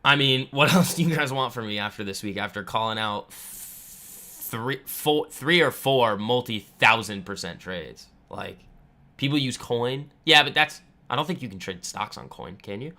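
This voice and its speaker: A man with a bright, forward voice hosts a live trading stream from home. He talks loosely and confidently, full of fillers, with a touch of swagger as he answers the chat. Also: medium pitch, lively intonation, a little slow. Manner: chatty and boastful, lots of fillers. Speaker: trading livestream host. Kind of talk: casual live market commentary, answering chat. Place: home room.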